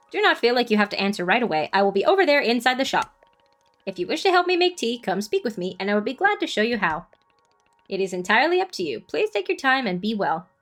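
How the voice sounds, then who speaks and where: A woman voicing a gentle, formal giant male tea-shop keeper in a game, with stiffly polite phrasing. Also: on the high side. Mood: kind.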